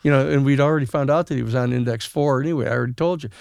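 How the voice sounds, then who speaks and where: Gravelly 70s guy telling a story on a podcast, does the voices of the people in it, dry close sound. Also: mid-range voice, racing, no room sound. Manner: animated storyteller who acts out others' dialogue. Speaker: podcast guest, attorney. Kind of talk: casual storytelling.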